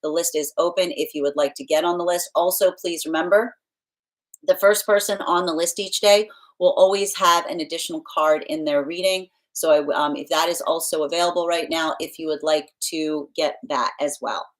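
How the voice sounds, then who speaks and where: A woman with a deep, steady voice hosts a live tarot reading stream at a moderate pace, chatting casually, reading viewer comments aloud and laughing often. Now and then she turns playfully stern and motherly. The recording quality is low.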